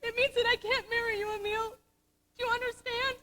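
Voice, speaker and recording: A high school girl playing a torn young Navy nurse. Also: fairly even intonation, brisk, bright, forceful tone, rough recording. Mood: emotional. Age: late teens. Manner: breathless, emotional, stammering pleas. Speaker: student actor in a school musical. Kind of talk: amateur stage musical acting. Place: school stage.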